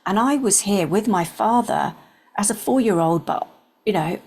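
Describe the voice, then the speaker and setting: A woman in her sixties, an interview guest, earnestly telling a personal story and sometimes dropping into soft whispers. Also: medium pitch, lively intonation, normal speed, slightly rough.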